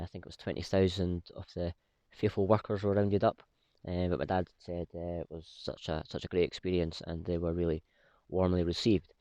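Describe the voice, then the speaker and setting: Brief: low, dry-voiced vlog host, unhurried storyteller full of "uh"s. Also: male voice, dry recording. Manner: relaxed, with many "uh" fillers. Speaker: pipe-smoking vlog host. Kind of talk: casual storytelling. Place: woodland, outdoors.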